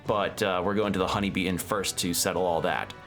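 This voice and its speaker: A man's voice: low-pitched, fairly even intonation, brisk, fairly bright tone, soft background music. A man streaming a video game, chatting casually and rambling through a story recap with a toothpick in his mouth. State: talking around a toothpick. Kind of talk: casual gameplay commentary.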